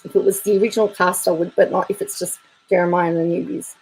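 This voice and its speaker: Chatty woman vlogger, slightly low voice, reads viewer comments aloud with dry humor and frequent laughs. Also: steady tone, quick pace, darkish tone, breathy edge, poor audio. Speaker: YouTube commentator.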